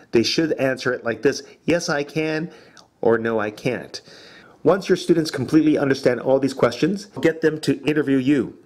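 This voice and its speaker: A man, an English teacher, talking to other teachers and slowly modelling classroom questions and answers. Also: medium pitch, darkish tone. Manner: slow, clearly modelled classroom phrases. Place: teaching in Japan.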